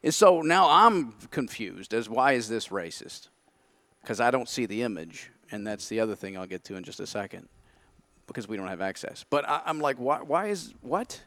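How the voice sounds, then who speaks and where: A man's voice: fairly low pitch, animated, moderate pace, fairly bright tone, no echo. A man telling a story in casual chat, acting out his own past thoughts. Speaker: podcast guest.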